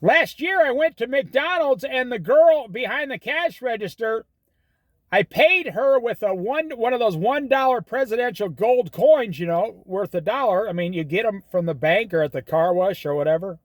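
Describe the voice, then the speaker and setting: A middle-aged man with a high, lively voice gives folksy, preachy advice and tells stories. The sound is dry and close, with no room around it. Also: normal speed, no room sound. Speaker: host. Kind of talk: casual monologue.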